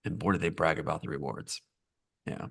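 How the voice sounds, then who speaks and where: A man's voice: a bass voice, a little fast, creaky, a bit bright, breathy edge. A man being interviewed as a screenwriter, talking in a meandering way, often restarting and repeating phrases. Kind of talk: live interview, casual talk.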